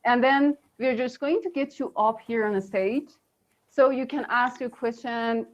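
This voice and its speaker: A woman co-hosting a live online English lesson, talking slowly with many fillers over a video call. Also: on the high side. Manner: slow, halting, many fillers. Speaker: co-host English teacher. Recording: dull lo-fi stream audio.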